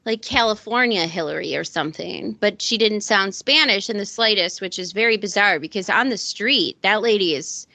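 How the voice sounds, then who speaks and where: A woman's voice: mid-range voice, normal speed, vocal fry, hardly any pauses, sharp tone, no echo. A woman co-hosting a podcast in casual chat, gossipy and blunt, swearing freely. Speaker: podcast co-host.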